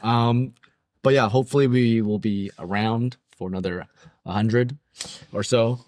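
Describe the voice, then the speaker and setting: A man's voice: medium pitch, measured pace, a little mellow. A man co-hosting a podcast in casual chat, rambling and joking with a lot of fillers. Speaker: podcast co-host. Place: room with the other hosts and guest.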